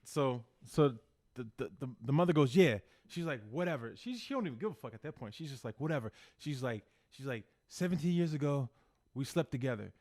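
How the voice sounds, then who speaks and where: A man co-hosting a podcast, excitedly retelling a TV episode in casual chat, acting out the characters and swearing freely. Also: mid-range voice, a little fast. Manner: animated storyteller acting out characters, heavy swearing. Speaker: podcast co-host.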